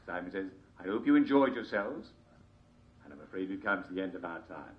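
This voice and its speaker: A man's voice: low voice, expressive, a little fast, husky, lo-fi sound. A man voicing a theatrical middle-aged male TV host in a video game, with a showy, sing-song delivery. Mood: playful. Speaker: game character hosting games and stories.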